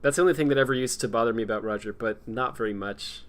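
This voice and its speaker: A man's voice: mid-range voice, lively intonation, quick pace, hardly any pauses, a bit bright. A young man chatting casually on a stream, rambling and laughing often. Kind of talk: casual chat.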